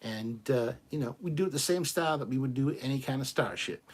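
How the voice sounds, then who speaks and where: A man hosting a live stream reads viewer comments aloud, chatting and joking casually. His voice is medium-pitched, animated, and fairly quick.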